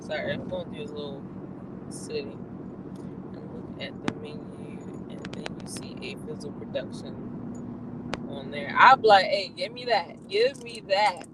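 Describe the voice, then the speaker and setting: A vlogger chatting casually while driving, bursting into excited exclamations. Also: medium pitch. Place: car on the road. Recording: loud road noise from driving.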